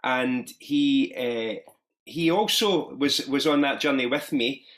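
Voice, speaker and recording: A man's voice: medium pitch, slow pace, fairly bright tone. A man from Ayrshire with a Glaswegian accent, a pastor talking in a friendly, self-deprecating way on a video call panel. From Scotland, Ayrshire. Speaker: pastor and social enterprise founder. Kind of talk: conversational talk on an online panel.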